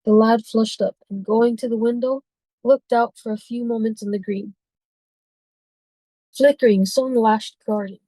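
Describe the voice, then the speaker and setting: A woman's voice: fairly high pitch, fairly even intonation, warm tone, dry recording, poor audio. A woman narrating a novel aloud for a book club in a plain way. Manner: plain narration with stumbles and quick apologies.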